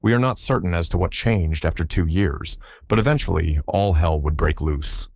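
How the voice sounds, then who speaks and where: A man narrating a documentary in a measured, explanatory way. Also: deep voice, creaky, darkish tone, dry recording, studio quality. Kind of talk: scripted narration.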